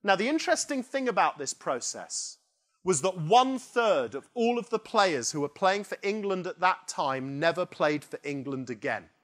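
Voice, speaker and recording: A man giving a conference keynote, telling a story in an animated way and acting out the people in it. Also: high-pitched, moderate pace. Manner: animated, acts out quoted characters. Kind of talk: storytelling presentation. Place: conference hall.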